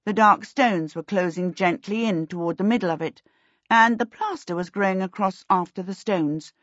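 A woman reading a storybook aloud as narrator in a calm, steady way. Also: mid-range voice, moderate pace, no echo. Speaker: audiobook narrator. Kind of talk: scripted narration. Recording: slightly dull, dry recording.

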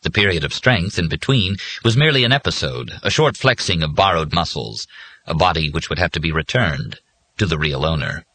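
A man reads a novel aloud in a measured, even way. His voice is very deep, and his tone is bright and forceful. He delivers it as steady scripted narration. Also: husky. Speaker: audiobook narrator.

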